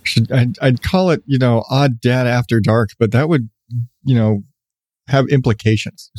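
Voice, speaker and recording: A man's voice: medium pitch, measured pace, a little mellow, no echo, studio quality, faint music behind. A congested middle-aged man hosting his own podcast, rambling and joking at himself in a loose late-night chat. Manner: rambling, self-deprecating, restarts often. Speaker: podcast host.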